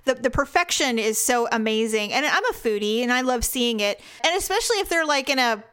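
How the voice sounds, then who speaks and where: A woman chatting casually as a podcast co-host, animated, playful and quick to judge. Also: fairly high pitch, smooth. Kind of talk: casual chat.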